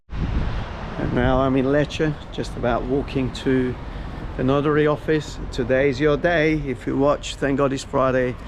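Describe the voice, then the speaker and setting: A man's voice: mid-range voice, background noise. A man hosting a vlog, enthusiastically walking viewers through properties and building work and explaining as he goes. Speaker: property consultant vlogger.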